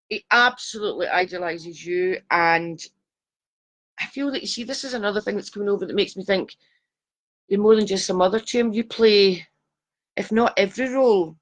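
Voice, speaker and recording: A woman giving live psychic readings, chatty and affectionate, calling viewers darling. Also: medium pitch. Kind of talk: live-stream chat reading viewers' photos.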